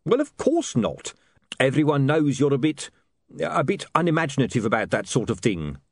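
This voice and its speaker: A man's voice: medium pitch, sing-song, normal speed, husky, dry recording, studio quality, pitched above the performer's own voice. A man voicing a shifty, wheedling street hawker in an audiobook.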